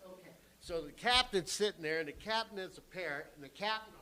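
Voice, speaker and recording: A man's voice: high voice, a little fast, bright, forceful tone. A male comedian telling an old vaudeville joke on stage, rambling, swearing and restarting as he loses his place. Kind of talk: live stand-up joke telling. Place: small cafe lounge stage.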